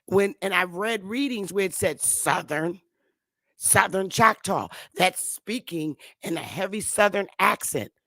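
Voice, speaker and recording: A woman's voice: medium pitch, expressive, a little slow, sharp tone, no room sound, studio quality. A middle-aged woman from Connecticut hosting an online talk show, delivering an insistent livestream monologue and hammering her points home by repeating them. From Connecticut, United States.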